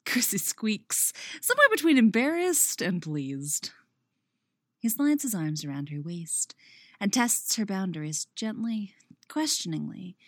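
A woman reading her own romance story aloud, expressive in the narration and chatty and self-mocking in her afterword. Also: medium pitch, no room sound, studio quality. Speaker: fan fiction reader and writer.

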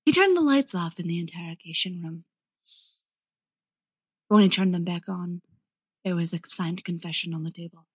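A woman casually retelling a fan-fiction plot, chatty and quick, slipping into short voiced asides for the characters. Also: on the low side, slightly rough, no echo. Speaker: storyteller.

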